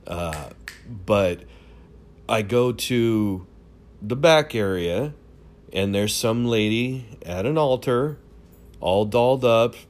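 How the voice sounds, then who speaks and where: Rambling man, lowish voice, casual home storyteller, animated bursts. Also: slow pace, long pauses. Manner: rambling, many fillers and restarts; animated, swings up in excited bursts. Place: home room.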